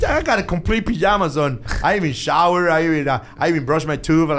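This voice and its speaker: Lively, laughing man with loose English. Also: a little high, quick pace. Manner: animated, laughs often, loose non-native English grammar. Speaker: guest. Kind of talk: casual podcast chat. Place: podcast studio.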